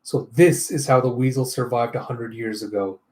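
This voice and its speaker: A man voicing a slow, cold cyborg villain. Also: darkish tone, lightly acted. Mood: cold menace. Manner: slow, low and measured.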